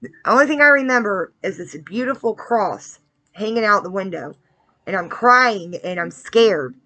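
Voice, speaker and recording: A woman with a bright, forceful voice delivers a spiritual message like a casual sermon. She speaks earnestly and confidingly and keeps checking in with her listeners. The recording is dry and close, with no room sound. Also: mid-range voice, expressive, normal speed, no room sound. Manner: earnest, keeps checking in with "all right?" and "okay?"; confiding and testimonial. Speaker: spiritual card reader. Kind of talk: casual preaching to viewers.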